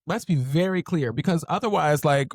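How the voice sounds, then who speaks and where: Lively man chatting on a podcast. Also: moderate pace, no echo, clean studio sound. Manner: animated, jumps into high-pitched quoted voices. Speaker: podcast co-host. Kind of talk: casual chat.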